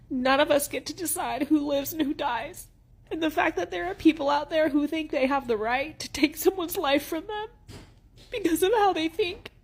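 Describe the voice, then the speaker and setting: A woman speaking indignantly and earnestly in an opinion video. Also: high-pitched.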